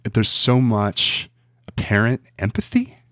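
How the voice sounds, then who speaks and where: Deep-voiced journalist, thoughtful and searching. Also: male voice, sing-song, takes it slowly, sharp tone, no room sound, studio quality. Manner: thoughtful, repeats words while searching for them. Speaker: journalist guest. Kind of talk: interview conversation.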